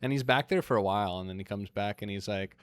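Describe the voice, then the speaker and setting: Smooth-voiced man telling animated stories. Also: lowish voice, fast, dry recording, studio quality. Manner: animated, acts out quoted voices in anecdotes. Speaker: podcast guest, comedian. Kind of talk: casual storytelling.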